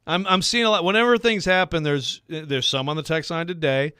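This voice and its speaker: A man hosting a sports talk radio show, rambling and self-deprecating, quick to laugh. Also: on the high side, steady tone, sharp tone, clear, resonant tone, dry recording, clean studio sound.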